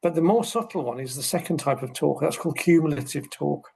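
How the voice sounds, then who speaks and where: Middle-aged man, podcast guest; gravelly, husky, a bit higher-pitched, animated explainer. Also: brisk, low-quality recording. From United Kingdom. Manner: animated storyteller, acts out quoted speech. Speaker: guest, social care researcher. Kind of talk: conversational podcast interview.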